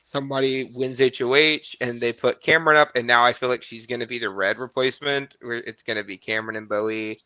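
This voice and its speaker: A man on a podcast panel, recapping reality TV in casual chat, animated and rapid. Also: medium pitch, no echo, muffled recording.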